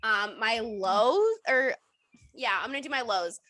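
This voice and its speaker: A young woman co-hosts a casual podcast in a bright, fairly high voice. She rambles from story to story, swears freely and keeps breaking into laughter. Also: unhurried, no echo. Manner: profane, rambling, laughs often. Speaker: podcast co-host. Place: outdoors at her mother's home. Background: dog barking and squirrel noises.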